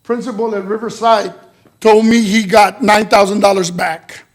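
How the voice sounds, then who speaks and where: A man's voice: sits high, little pitch movement, normal speed. A man speaking in public comment at a school board meeting, listing complaints in short clipped statements.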